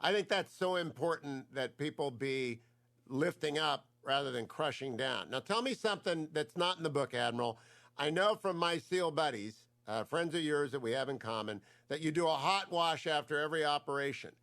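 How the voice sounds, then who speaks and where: A man's voice: fairly high pitch, lively intonation, normal speed, creaky, a bit bright. A man hosting a talk show interview, chatty and jokey, praising his guest before asking questions.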